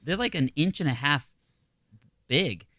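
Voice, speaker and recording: A man's voice: fairly high pitch, expressive, unhurried, bright, forceful tone, dry recording, studio quality. A man co-hosting a podcast, telling a rambling comedic story in casual chat, full of fillers and acted-out voices. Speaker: podcast co-host.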